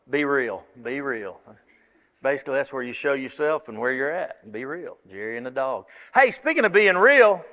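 A man's voice: high-pitched, sharp tone. A man preaching and giving announcements in a church, folksy and rambling with many restarts. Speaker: pastor. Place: church sanctuary. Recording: long reverb of a large hall.

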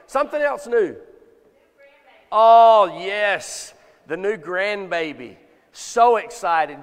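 A man preaching a sermon in a folksy, self-deprecating way, often repeating words as he thinks, taking answers from the congregation. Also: sits high. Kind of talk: sermon with congregation call-and-response. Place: church sanctuary with long reverb. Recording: long hall reverb.

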